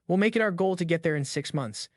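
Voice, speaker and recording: A man's voice: on the high side, expressive, quick pace, no echo, clean studio sound, natural voice. El Cid, a man voicing a bossy sacred sword. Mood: stern. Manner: blunt, matter-of-fact commands. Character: sacred talking male sword, bossy mentor.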